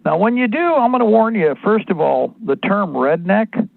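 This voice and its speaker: A man's voice: high-pitched, sing-song, normal speed, vocal fry, no room sound. A man hosting a talk radio show, speaking in a rambling, digressive monologue full of asides. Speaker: radio host. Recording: narrow phone-like band, dry.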